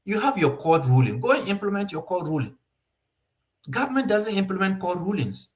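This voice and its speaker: Male commentator, impassioned and mocking, animated delivery. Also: fairly quick. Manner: animated, mocking, raises pitch sharply to voice others, laughs often. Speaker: political commentator.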